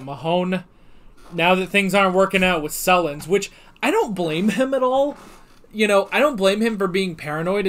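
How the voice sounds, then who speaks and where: A man's voice: on the high side, fairly bright tone. A man giving a casual, rambling episode commentary with a self-deprecating manner. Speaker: TV show recap vlogger.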